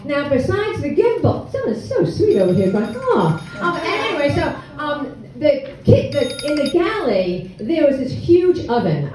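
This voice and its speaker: A woman's voice: fairly high pitch, dark tone, slight background noise. A woman in her sixties telling a humorous, self-deprecating story at a live storytelling event. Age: 60s. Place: hall with an audience. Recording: echoey room, mic from far off.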